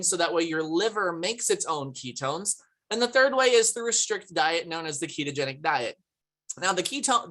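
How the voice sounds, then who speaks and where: A lowish, fairly bright female voice leads a live product presentation on a video call. Captured by a computer mic, she keeps it upbeat and talkative, laughs a lot, and welcomes chat viewers by name.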